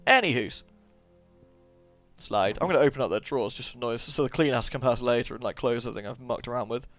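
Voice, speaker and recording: A let's play host commentates a game playthrough, chatty and sarcastic, making jokes at the characters' expense. His medium-pitched voice is fairly bright and fast. Soft music plays in the background.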